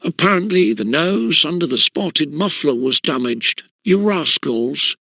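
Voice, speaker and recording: A man reading a classic schoolboy story aloud in measured, steady narration. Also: fairly high pitch, no echo. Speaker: audiobook reader.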